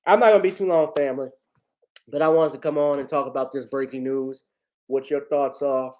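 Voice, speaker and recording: A man's voice: medium pitch, fairly even intonation, a little fast, darkish tone, low-quality recording. A man vlogging casual commentary, talking in a rambling way to his viewers as family.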